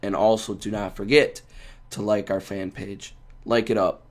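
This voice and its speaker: A man co-hosting a casual podcast, hoarse and rough-voiced from being sick, rambling in a loose, joking way. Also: on the low side, level tone, moderate pace. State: hoarse from a cold. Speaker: podcast co-host.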